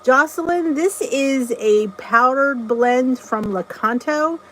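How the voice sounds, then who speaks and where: A woman's voice: high-pitched, takes it slowly, slight background noise, low-quality recording. A middle-aged woman hosting a casual live stream, chatting and greeting viewers by name, often laughing at herself. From New Jersey. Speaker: channel host.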